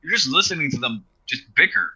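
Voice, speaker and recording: Man, casual co-host, mocking and chatty, with a clear, bright voice. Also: medium pitch, big pitch swings, brisk, rough recording. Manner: rambling, sarcastic, laughs often. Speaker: podcast co-host. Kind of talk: casual riffing commentary.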